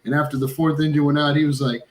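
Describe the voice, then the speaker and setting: A man's voice: a little high, little pitch movement, rapid-fire, roomy sound. A man chatting loosely among friends, swearing freely and retelling a joke. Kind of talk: casual chat.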